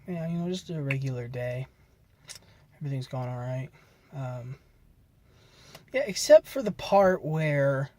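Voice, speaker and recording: A man's voice: on the high side, darkish tone. A man vlogging, telling a story in a rambling, conversational way and often correcting himself. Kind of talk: casual storytelling to camera.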